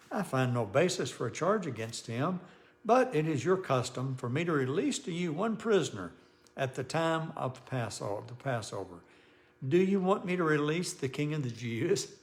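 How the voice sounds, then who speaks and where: A man, a pastor, leading a relaxed Bible study, talking conversationally, often restarting sentences and chuckling as he reads scripture aloud. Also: medium pitch. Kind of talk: informal Bible study teaching.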